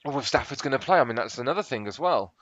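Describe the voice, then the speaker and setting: A man's voice: medium pitch, expressive, racing, fairly bright tone, no echo, muffled recording. A British man co-hosting a podcast, chatting casually, rambling and interrupting himself with apologies. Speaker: podcast co-host. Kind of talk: casual chat.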